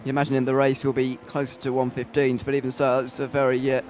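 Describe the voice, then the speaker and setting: Hoarse monotone co-commentator dude, lots of uhs, noisy background. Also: male voice, mid-range voice, quick pace. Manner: hesitant, many fillers, monotone. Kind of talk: sim racing commentary.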